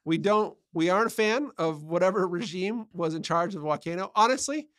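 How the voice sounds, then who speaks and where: A man co-hosting a podcast in casual chat, quick to react, laughing often and jumping in. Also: sits high, fairly bright tone, smooth, no room sound, studio quality. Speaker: podcast co-host.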